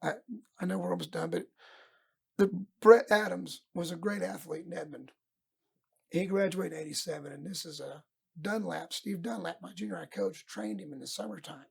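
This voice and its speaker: A man's voice: a little high, moderate pace. A middle-aged man, a wrestling coach, telling stories from his youth in a podcast interview and acting out his old coaches' words. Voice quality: gravelly, husky voice. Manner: animated storyteller acting out his coaches' lines. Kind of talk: storytelling in casual interview.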